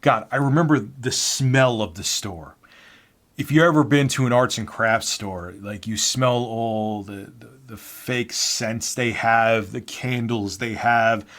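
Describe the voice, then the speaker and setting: A man's voice: mid-range voice, takes it slowly, a bit bright. A man in his forties casually recounting an old job. His delivery is blunt and sarcastic, and he swears now and then without a second thought. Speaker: YouTube host. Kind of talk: casual storytelling.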